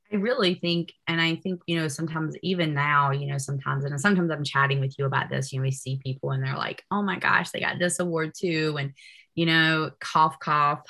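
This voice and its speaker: A woman researcher guests on a podcast in a casual interview chat, chatty and constantly dropping in "you know." Her voice sits low and has a sharp tone.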